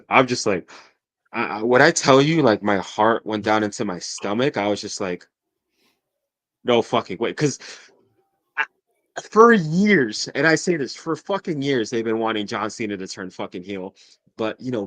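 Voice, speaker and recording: Excitable, foul-mouthed man, low voice. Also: normal speed, dry recording. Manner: excitable, profane, laughs often. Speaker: podcast guest. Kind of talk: casual chat.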